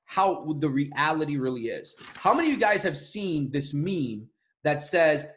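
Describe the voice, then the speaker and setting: A man with a slightly high voice gives a motivational talk in a loose, conversational way. He leans on repetition and emphasis to drive his points home. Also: big pitch swings, unhurried, a bit bright. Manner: casual, emphatic, repeats phrases. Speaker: motivational mentor.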